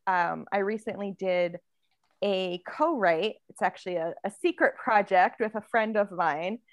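A woman's voice: medium pitch, measured pace, no room sound. A woman author in a casual podcast interview, talking in a chatty way with many fillers and frequent laughter. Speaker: author guest.

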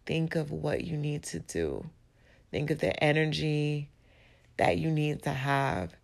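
A woman with a low, gravelly voice hosts her podcast in a casual motivational monologue. She sounds raspy and hoarse from recent illness, speaking slowly and reflectively, pausing to search for her words. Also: very animated. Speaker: podcast host.

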